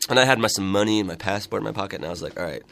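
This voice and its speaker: A man's voice: lowish voice, animated, racing, gravelly, fairly bright tone. Man with a cold, rambling storyteller. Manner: rambling storyteller, lots of fillers and laughs. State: has a cold, voice deeper and rough. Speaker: folk musician guest. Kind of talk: casual radio interview chat. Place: radio studio.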